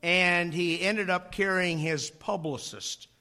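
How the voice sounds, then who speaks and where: A man preaching a sermon, slow and dramatic, dropping to a near whisper on key phrases and acting out voices in his stories. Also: high voice, steady tone, pushed and bright, clear, resonant tone. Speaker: pastor.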